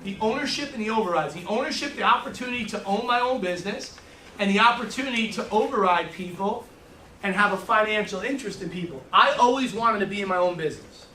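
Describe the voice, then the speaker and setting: A man's voice: sits high, fast, pushed and bright, a little hiss or hum. A man giving a live sales training talk, telling stories and joking, asking the room questions. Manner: brash, joking storyteller who asks the room questions. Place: meeting room with a small audience. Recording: echoey room, mic from far off.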